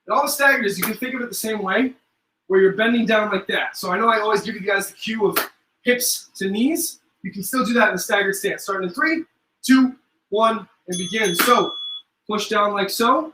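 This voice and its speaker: Bright-voiced man coaching a home workout. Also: sits high, roomy sound, far from the mic, slight background noise, rough recording. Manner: upbeat, joking, counts reps aloud. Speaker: fitness instructor.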